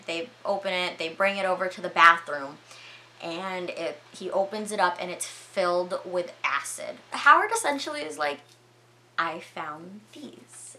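Young woman, vlogger, casual recap, excitable, fillers, bright tone. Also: medium pitch. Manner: chatty, lots of filler words, excitable.

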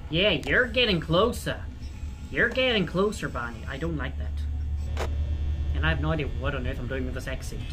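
A woman with a New Zealand accent giving live gameplay commentary, reacting loudly and swearing at the game. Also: low-pitched, a little fast. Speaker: gaming streamer.

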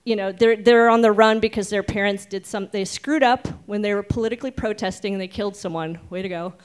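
A woman's voice: medium pitch, quick pace, smooth. A woman in her forties from Oregon telling a personal story live on stage, chatty and self-mocking, with many ums. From Oregon, United States. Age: 40s.

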